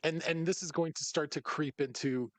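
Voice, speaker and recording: A man hosting a casual podcast chat, with a voice that sits a little high for a man. He tells stories with animation, bouncing between points. The sound is dry and close, with no room around it. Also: moderate pace, no echo. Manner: animated storyteller who acts out other people's lines. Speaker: podcast host.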